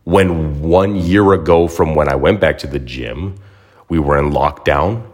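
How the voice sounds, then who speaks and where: With a very deep voice and a slightly slow pace, a young podcast host recounts his own story alone at the mic. The monologue is casual, reflective and emotional, with frequent repetition as he gathers his thoughts.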